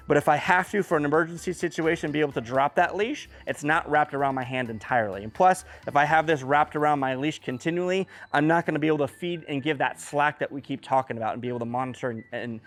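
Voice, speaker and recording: A man explaining leash handling in plain words with everyday comparisons. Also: on the high side. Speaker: dog trainer. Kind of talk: instructional demonstration.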